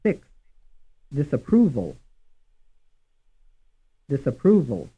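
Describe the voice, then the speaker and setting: A man reads out a language drill at a deliberate, unhurried pace, repeating each item twice. His husky voice moves with a lively rise and fall. The recording is thin and phone-like, like old course audio. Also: medium pitch. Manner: reads words twice, evenly paced. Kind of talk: slow, deliberate drill reading.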